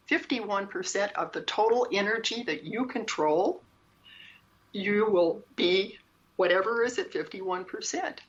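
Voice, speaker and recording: A woman's voice: mid-range voice, fairly bright tone. Earnest woman telling her story, lo-fi. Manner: earnest, emphatic, repeats phrases. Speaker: guest, shaman and spiritual teacher. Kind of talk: personal story in an interview. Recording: dull lo-fi sound.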